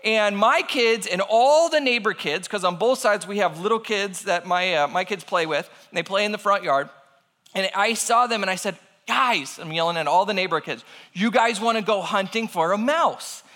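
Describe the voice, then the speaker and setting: A man in his thirties tells a lively personal story to an audience with a high, bright voice. He throws himself into the quoted lines. His voice rings out in a long hall reverb. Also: normal speed. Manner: animated, acts out voices in quotes. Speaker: speaker telling a personal story.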